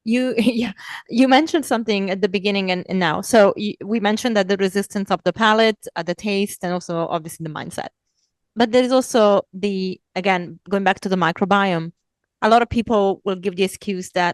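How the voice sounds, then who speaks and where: A woman's voice: medium pitch, brisk, no echo. A woman hosting a podcast, chatting and agreeing in a casual interview. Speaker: podcast host.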